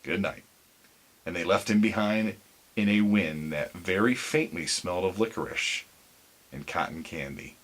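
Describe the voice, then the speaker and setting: A man reading a spooky bedtime story aloud as narrator, measured and deliberate. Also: low-pitched, lively intonation, slight background noise.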